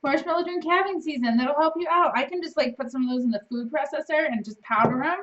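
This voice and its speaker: A woman co-hosting a casual live stream from a home studio, playful and quick to laugh. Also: high voice, a bit bright. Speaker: co-host of a ranch live stream. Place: seated on a small love seat in a home studio. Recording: dull, distant mic.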